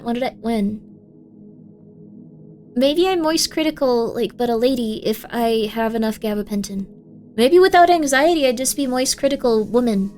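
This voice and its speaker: A young woman chats with her viewers on a live stream in a high, bright voice. She rambles casually and jumps into loud, excited shouts now and then. Faint music plays underneath.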